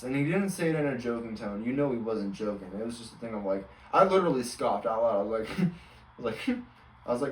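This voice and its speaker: A man's voice: medium pitch, big pitch swings, a little fast, reverberant, far from the mic, slight background noise, poor audio. A man in his twenties, a college student, rambling through an exasperated story with lots of fillers. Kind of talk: casual storytelling rant.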